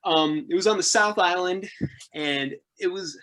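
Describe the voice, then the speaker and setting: A man in his thirties, a podcast guest casually telling adventure travel stories, laughing often and acting out the people he quotes. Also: unhurried. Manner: animated, laughing, acts out quoted people with jumps in pitch. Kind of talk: casual storytelling interview.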